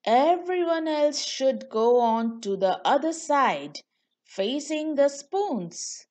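A woman playing a gentle storybook princess, encouraging, lively pitch, very slow. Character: kind young princess babysitter.

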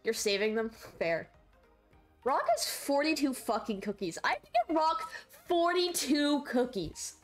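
Woman, streamer, high voice, excitable, rambling, casual livestream chat, faint music underneath. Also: a little slow. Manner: excitable, rambling, shrieks and laughs. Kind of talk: casual game livestream chatter.

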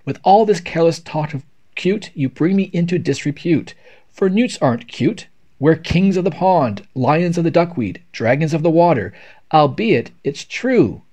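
A man voicing a proud, indignant little male newt who protests loudly in a storybook poem. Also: on the high side, big pitch swings, slow, hardly any pauses, exaggerated voice. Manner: roaring, pompous protest.

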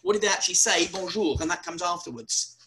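A man's voice: sits high, animated, quick pace, pushed and bright, poor audio. A middle-aged man giving a chatty, self-deprecating webinar lecture, often stumbling over repeated words.

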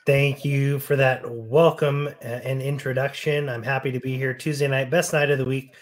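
A man's voice: mid-range voice, level tone, normal speed. A man co-hosting a podcast, chatting casually and teasing the others, with plenty of fillers. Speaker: podcast co-host. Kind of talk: casual chat.

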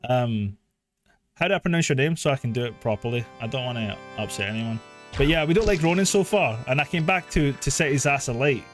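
A man, casually commentating a live game, excitable, swearing and laughing often. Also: medium pitch, a little fast, soft background music. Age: 30s. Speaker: streamer.

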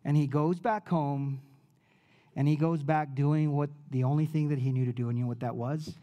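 A male pastor preaches a sermon casually and conversationally, leaning on slang like "dude" and "man." His voice is a little high yet warm and mellow, moving at a moderate pace and swinging from loud to near-whispered passages as he tells the story.

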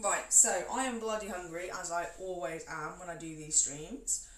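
A woman's voice: lowish voice, normal speed, few pauses, fairly bright tone. A woman chatting to her live-stream viewers while she cooks at home, joking about herself as she moves around the kitchen. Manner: chatty and self-mocking, talks to viewers while moving around. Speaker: cooking streamer. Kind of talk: casual live-stream chat while cooking. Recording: roomy kitchen, far from mic, background noise.

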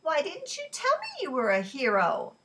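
A woman voicing a curious young woman who is quick to protest. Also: sits high, huge pitch swings, a bit bright, recorded from a distance, voice pushed up, exaggerated voice.

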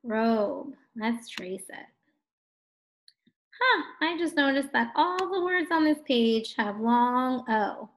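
A woman's voice: a little high, expressive, slow. A woman teaching a recorded phonics lesson to first graders, sounding out words and praising the children.

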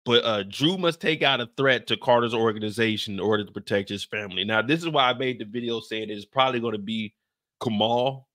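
A man gives casual, slangy commentary on a TV show, loose and full of laughter. His voice is bright and forward, at an everyday middle pitch, and he often trails off into sighs. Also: fairly quick. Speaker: YouTuber breaking down a TV show.

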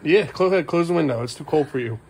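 A man's voice: fairly high pitch, expressive, fast. A man filming a casual family vlog at home, talking patiently and playfully to his young sons and coaxing them along. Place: at home, indoors. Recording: home video with clear background noise.

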